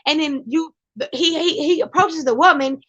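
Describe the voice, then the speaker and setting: High-voiced emphatic woman, lo-fi sound. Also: normal speed. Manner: emphatic, excitable, talks to her partner off-camera. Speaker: vlogger. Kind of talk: casual commentary.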